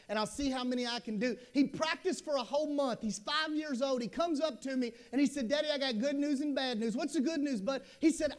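A middle-aged man giving a conference keynote, telling stories in a folksy, animated way with asides to the audience. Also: very high-pitched, fairly quick, hardly any pauses. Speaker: school superintendent giving a keynote. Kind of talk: storytelling conference talk.

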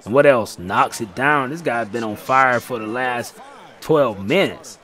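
A man giving casual, slangy play-by-play commentary over a basketball video game, excitable and heckling his own players. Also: medium pitch, measured pace. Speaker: gaming channel host.

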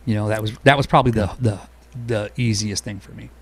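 A man with a gravelly, creaky voice tells stories from his own life at a fast clip. He speaks bluntly and quickly, in a casual, conversational interview manner. His tone is low. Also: fairly even intonation. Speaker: Army veteran and singer-songwriter guest.

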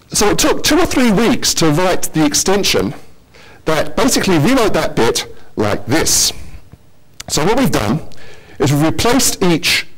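Animated man giving a technical talk. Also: a little high, breathy edge, low-quality recording. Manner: animated, joking asides to the audience. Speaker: conference presenter. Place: lecture hall.

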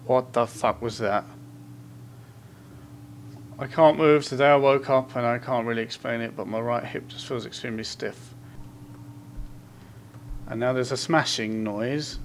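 A man with a gravelly, creaky edge to his mid-range voice, talking his way through a horror game. He mutters asides under his breath and rattles off in-game notes in fast bursts, with a faint hum running behind him. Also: medium pitch, steady tone. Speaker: gameplay commentator.

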